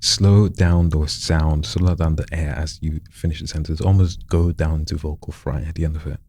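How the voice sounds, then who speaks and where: A man coaching a friend in voice acting, demonstrating lines with lively swoops of pitch. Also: moderate pace, breathy edge, no echo, clean studio sound. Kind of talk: casual coaching session.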